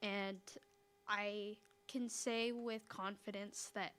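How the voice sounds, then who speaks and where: A young woman, a college student, giving an emotional, halting public comment at a school board meeting. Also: fairly high pitch, steady tone. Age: young adult. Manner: halting, apologetic. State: emotional, near tears.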